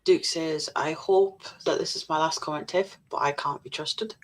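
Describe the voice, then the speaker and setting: A woman's voice: deep voice, normal speed. A woman co-hosting a casual livestream, reading viewers' comments aloud in a blunt, sweary way.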